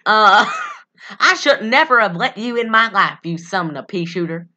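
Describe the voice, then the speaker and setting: A woman's voice: mid-range voice, animated, moderate pace, sharp tone, dull audio. A woman voicing a furious young woman cursing out a friend as a comic mock rant. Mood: mock fury.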